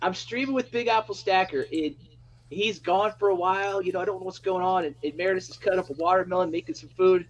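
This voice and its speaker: A man hosting a live stream, telling an excited, rambling story in casual chat. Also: sits high, fast talker, rough recording. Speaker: livestream host.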